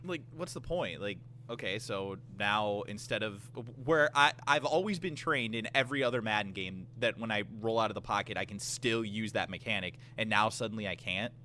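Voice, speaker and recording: Bright animated minnesota guy, blunt opinions, little hum behind him. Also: fairly low pitch, normal speed, few pauses. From Minnesota, Twin Cities area. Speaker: podcast guest. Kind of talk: casual podcast chat.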